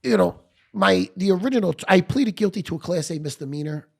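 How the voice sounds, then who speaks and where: Middle-aged New man, gravelly and a touch high, swearing freely as he tells an animated story. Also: brisk. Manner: profane, animated, blunt. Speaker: podcast guest. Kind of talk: storytelling in conversation. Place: podcast studio.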